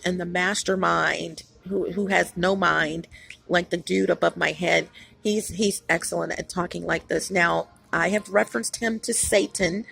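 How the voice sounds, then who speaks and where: A woman hosting her own channel delivers a rambling, emphatic vlog monologue full of restarts, tired from being up all night. Her voice is fairly low-pitched and creaky, with a fairly bright tone.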